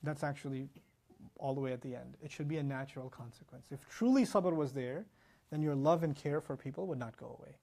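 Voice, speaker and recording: Fast-talking man giving a Quran lecture. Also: mid-range voice, gravelly. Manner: animated, fast-talking, mixes in Arabic recitation. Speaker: Islamic teacher.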